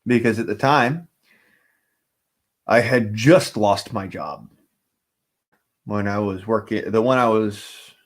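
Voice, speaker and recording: A man talking casually on a livestream, rambling from thought to thought and swearing often. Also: on the low side.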